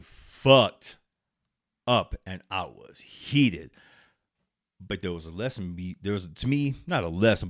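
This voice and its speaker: A middle-aged man from Arizona spins a loose, rambling road-trip story for his vlog. His voice sits a little low, and the sound is close and dry with no room around it. He curses casually, laughs at his own jokes and restarts his sentences often. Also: dry recording. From Arizona, USA. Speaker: vlog host.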